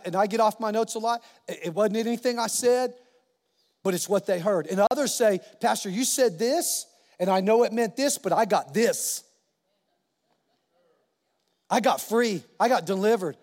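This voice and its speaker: A male pastor with a high-pitched voice delivers a passionate, conversational sermon. He breaks into acted asides and restarts his phrases as he goes. The sound carries the long reverb of a large church hall. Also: a little mellow. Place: church sanctuary.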